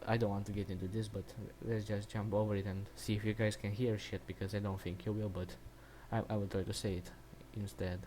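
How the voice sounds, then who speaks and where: A man's voice: fairly low pitch, little pitch movement, a little fast, few pauses, mellow, a little hiss or hum. Crude, rambling man on a rant. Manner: rambling, crude, mocking, with many restarts. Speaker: video commentator. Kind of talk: profane reaction rant.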